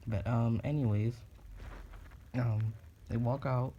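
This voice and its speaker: A man's voice: medium pitch, fairly even intonation, slow pace, warm tone, highs cut off, a little hiss or hum. A thirteen-year-old boy retelling a fan story casually, rambling with lots of ums and restarts.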